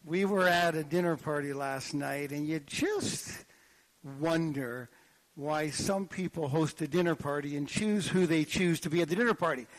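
Animated, joking male preacher with a slightly high voice. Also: moderate pace. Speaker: pastor. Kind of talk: sermon with anecdotes.

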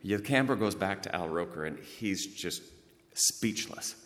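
A man preaching a sermon, telling a story in a lively way and praying in a hushed voice. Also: low-pitched, unhurried. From outside the United States. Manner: lively anecdotal delivery, hushed in prayer. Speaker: pastor. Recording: long hall reverb.

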